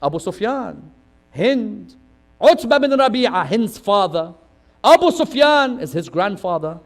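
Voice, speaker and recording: A man preaching an impassioned religious sermon, swinging from loud cries to hushed asides and asking rhetorical questions. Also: high-pitched, big pitch swings, measured pace.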